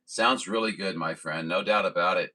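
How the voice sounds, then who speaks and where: A man's voice: sits low, normal speed, bright, forceful tone, rough recording. A man from Missouri running a CB radio stream, chatting in a folksy, rambling way with radio jargon. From Missouri, USA. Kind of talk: radio contact chat.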